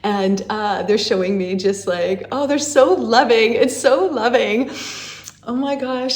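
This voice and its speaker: A woman's voice: a little high, a little mellow. A woman channeling a spiritual message, rambling with many fillers and breaking into chanted syllables, emotional, laughing and crying at once. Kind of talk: channeled light language transmission.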